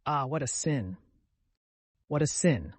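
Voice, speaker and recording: A man's voice: medium pitch, expressive, takes it slowly, no echo. A man voicing a small, kindly peasant soldier with a tender, caressing sing-song manner. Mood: gentle.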